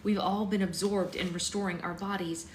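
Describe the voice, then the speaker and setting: A young woman hosting a book club, reading a novel aloud live in a chatty way and pausing to soothe her baby. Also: mid-range voice, fairly even intonation, slight background noise. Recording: echoey room, faint ambience.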